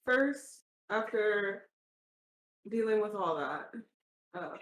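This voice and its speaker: Slow, giggly woman in a roomy echo. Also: on the high side, animated. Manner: giggly, unhurried. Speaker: player. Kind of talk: casual storytelling in a tabletop game.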